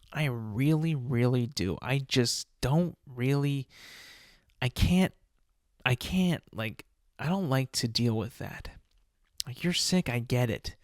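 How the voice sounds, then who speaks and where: A young man hosting his own podcast, venting at length with a loose run of fillers, "right?" and rhetorical questions. His voice sits at an ordinary middle pitch. It is recorded close and dead dry, with no room sound. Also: no room sound. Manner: exasperated ranting, many fillers and rhetorical questions. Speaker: podcast host. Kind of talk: solo podcast rant.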